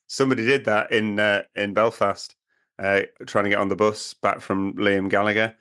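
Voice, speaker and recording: A man's voice: on the low side, flat delivery, normal speed, fairly bright tone. A British man co-hosting a camping podcast in a chatty, joking way. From Britain. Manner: chatty, joking, puts on silly accents. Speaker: podcast co-host. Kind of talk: casual chat.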